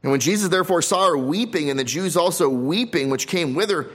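Preaching man, loud stresses and hushed drops. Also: on the high side, expressive, brisk, hardly any pauses. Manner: emphatic preaching, swinging between loud stresses and quiet drops; reads scripture aloud in King James wording. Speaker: pastor. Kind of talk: sermon.

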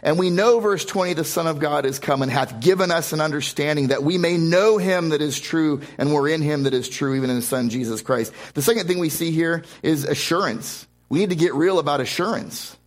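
Emphatic preaching man, higher voice. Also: fairly quick, few pauses. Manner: emphatic, repeats words and restarts phrases. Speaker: pastor. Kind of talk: sermon. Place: church service before a congregation.

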